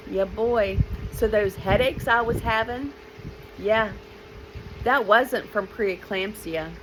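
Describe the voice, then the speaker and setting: A woman in her fifties telling a personal story in a lively, blunt way, with emotional asides to the listener. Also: a little high, unhurried, noisy background.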